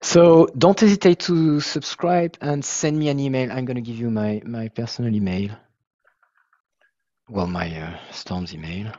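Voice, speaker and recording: A man from France with a French accent, explaining his software in a casual video call, halting and searching for English words. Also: medium pitch, no echo, dull audio. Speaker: software founder presenting his tool.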